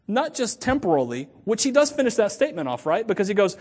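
A woman's voice: medium pitch, sing-song, fast talker, darkish tone, breathy edge. A woman pastor giving a sermon in a casual, chatty way, with laughing asides. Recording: long reverb of a church hall.

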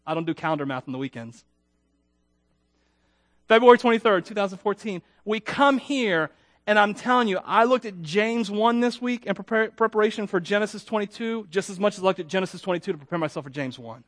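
A man preaching a sermon in a conversational, self-deprecating way, asking the congregation questions, with loud emphatic peaks and quiet dropped endings. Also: high-pitched, lively intonation, fast talker, dry recording, clean studio sound. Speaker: pastor.

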